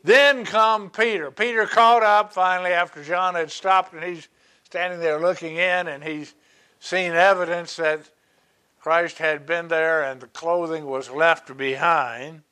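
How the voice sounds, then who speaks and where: Slow, bright-voiced man preaching. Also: a little high, fairly even intonation, clear, resonant tone. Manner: slow, deliberate Bible exposition with asides. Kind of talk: sermon.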